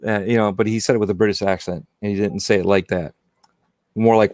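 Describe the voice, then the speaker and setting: A man's voice: fairly low pitch, steady tone, moderate pace, long pauses, a little mellow, clear, resonant tone, no echo, clean studio sound. A man talking as a guest on a casual podcast, rambling and repeating himself with many "you know"s. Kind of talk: casual chat.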